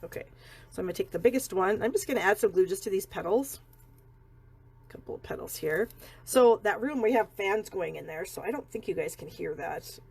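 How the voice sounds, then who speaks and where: A woman's voice: medium pitch, lively intonation, brisk, a little mellow, husky. A middle-aged woman chatting and rambling casually as she hosts a card-making live stream from her home craft room.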